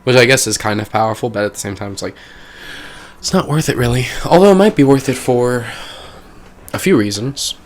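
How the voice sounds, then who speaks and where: A man's voice: mid-range voice, animated, brisk, a little hiss or hum. A man giving casual gameplay commentary, rambling and exasperated, his talk full of fillers. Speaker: gaming video creator.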